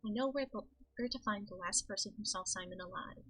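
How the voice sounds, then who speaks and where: A proud young noblewoman from a video game, read by a woman in her own voice. She speaks formally and stiffly, with a bright but slightly husky tone. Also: mid-range voice, fairly quick, low-quality recording.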